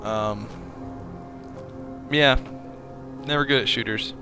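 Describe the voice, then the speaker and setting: A man's voice: medium pitch, slow, music in the background. A man giving casual, rambling commentary while playing a game and chatting. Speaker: gameplay streamer.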